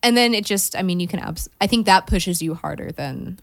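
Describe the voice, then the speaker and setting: A woman talking casually as a podcast co-host, calm, reflective and encouraging. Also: mid-range voice, fairly quick, dry recording, clean studio sound. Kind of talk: casual chat.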